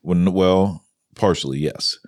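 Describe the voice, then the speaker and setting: A man with a very low voice, recorded dry and close with no room sound. He tells his stories in a loose, casual way, swearing freely, laughing often and acting out what people said. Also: slow pace, a little mellow, no room sound. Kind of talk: casual chat, storytelling.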